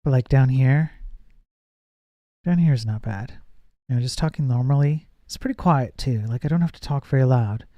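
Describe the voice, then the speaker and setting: Coding on a live stream, this man talks through his thoughts and answers chat, often breaking off to restart. His mid-range voice moves at a moderate pace, and by his own account it gets nasal when he projects. The audio has no echo but the highs are cut off.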